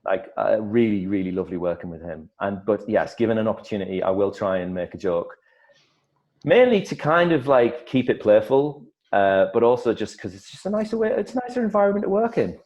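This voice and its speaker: A man with a very low voice and a northeast English accent talks casually as an actor being interviewed. He thinks aloud, circling back and restarting his sentences as he goes. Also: sing-song, a little fast, a little mellow, highs cut off. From northeast England. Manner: thoughtful, rambling with restarts and acted-out quotes.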